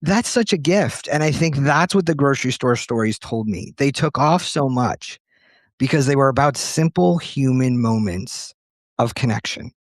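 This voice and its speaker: A man's voice: medium pitch, lively intonation, moderate pace, no room sound, clean studio sound. A man talking earnestly and reflectively in a casual conversation as a writer guest, telling stories from his life. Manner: earnest, reflective, tells anecdotes with quoted voices.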